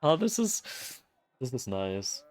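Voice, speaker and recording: Give me a slow-talking male streamer in casual, delighted gameplay chatter. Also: medium pitch, very animated, a little mellow. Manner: chatty, easily delighted, swears.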